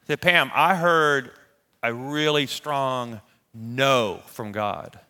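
A man preaching a sermon, telling a personal story in a lively, animated way and acting out the voices of the people in it. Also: medium pitch, takes it slowly, clean tone. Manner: animated, acts out quoted voices. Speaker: pastor. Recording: long reverb of a large hall.

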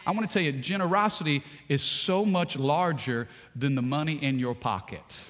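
A man's voice: on the high side, normal speed, fairly bright tone. A man pastor preaching a sermon to a congregation, joking and calling for responses. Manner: jokey, talks to the congregation, repeats himself. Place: church sanctuary. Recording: long hall reverb.

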